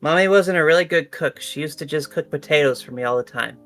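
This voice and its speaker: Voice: mid-range voice, fast, fairly bright tone, soft background music, natural voice. A performer voicing an eager, playful little girl who loves potatoes, reading lines from a story game aloud. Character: cheerful little girl, potato-loving and curious.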